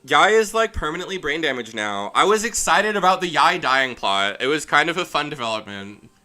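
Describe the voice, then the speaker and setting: A young man doing casual commentary on a game he is playing. He rambles from one tangent to another, with a bright voice that sits a little high. He laughs easily and slips into offhand character voices as he reads. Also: big pitch swings, fairly quick, soft background music. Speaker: let's play streamer. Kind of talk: casual gameplay commentary, reading game dialogue aloud.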